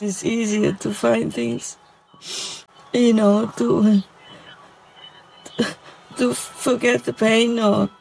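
Woman speaker, unhurried and gravelly, halting and emotional in a spiritual talk. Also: a little high, darkish tone, a little hiss or hum, poor audio. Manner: halting, with many fillers and repeats.

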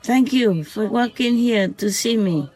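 Unhurried delivery, soft and affectionate, spiritual vlogger, calm reflective recounting. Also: medium pitch, breathy edge, poor audio. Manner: soft, slow, affectionate blessings with repeated "okay?". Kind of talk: gentle personal vlog, speaking to an unseen animal at night.

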